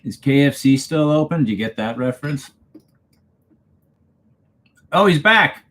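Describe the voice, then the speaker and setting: A man from Canada hosting a casual livestream, chatting with viewers and reading their comments aloud in a relaxed way, chuckling as he goes. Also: mid-range voice, a little slow. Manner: laid-back, chuckling, talks to viewers by name. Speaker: channel host reading live chat. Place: home, alone for the evening.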